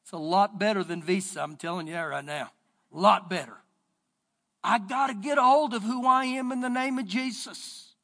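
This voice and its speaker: A man with a Texan accent preaching a sermon as pastor, his voice rising and falling in pitch and loudness. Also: normal speed. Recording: church sermon with long reverb.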